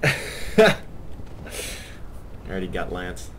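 A young man chats through a game in an easygoing, crude, joking way, often clearing his throat. His voice sits on the low side, and he talks slowly. A faint hiss lies under it. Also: huge pitch swings. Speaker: gamer. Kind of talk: casual gameplay commentary.

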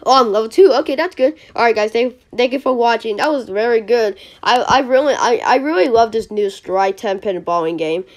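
A woman's voice: a little high, fairly quick, hardly any pauses. A woman giving casual gameplay commentary as a channel host, stammering often and yelping when things go wrong. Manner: excitable, stammering, yelps in frustration.

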